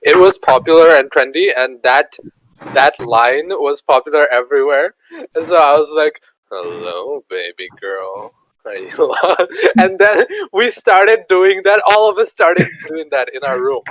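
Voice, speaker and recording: A man's voice: fairly high pitch, normal speed, fairly bright tone, slight background noise, rough recording. A man hosting a casual podcast chat, jokey and crude, who laughs a lot. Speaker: podcast host.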